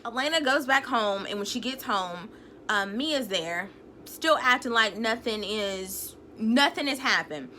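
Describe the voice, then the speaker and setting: A woman's voice: on the high side, animated, measured pace, sharp tone, slight background noise. Sassy, chatty woman recapping a show. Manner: chatty, sassy, retells scenes acting out quotes. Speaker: TV recap vlogger. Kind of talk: casual TV episode recap.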